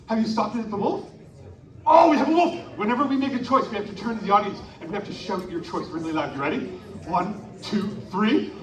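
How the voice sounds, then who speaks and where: A man hosting an interactive live storytelling show, animatedly coaxing the audience to shout along. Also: high-pitched. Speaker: live children's storytelling performer. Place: outdoor winter carnival stage. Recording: echoey, distant live stage recording with crowd. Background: audience noise.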